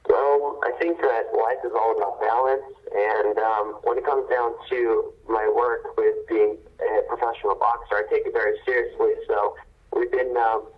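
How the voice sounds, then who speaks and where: A young man in his late teens, a boxer, answering interview questions in a measured, earnest way with many pauses and ums. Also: medium pitch, steady tone. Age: young adult. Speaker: professional boxer guest. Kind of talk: phone interview. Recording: dull phone line.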